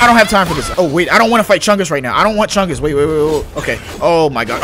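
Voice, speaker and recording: Young man, gameplay commentary, high voice, bright tone, excitable, slangy. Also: fast talker, faint music behind. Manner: excitable, slangy, yelps and shouts at the game. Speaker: gaming YouTuber.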